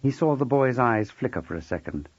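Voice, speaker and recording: A man reading a novel aloud as an expressive, wry audiobook narrator. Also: mid-range voice, brisk, slightly rough, dry recording, dull audio.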